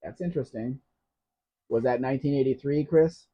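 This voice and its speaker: A man's voice: medium pitch, moderate pace, breathy edge. Blunt man hosting a live Q&A. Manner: blunt, opinionated, teasing. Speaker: livestream host. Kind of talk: casual live Q&A chat. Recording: dull lo-fi stream audio.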